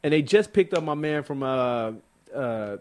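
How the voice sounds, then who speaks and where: Young male sports co-host, animated and laughing, mid-pitched, casual chat. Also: measured pace. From Sacramento. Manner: animated, laughing, restarts often. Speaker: podcast co-host.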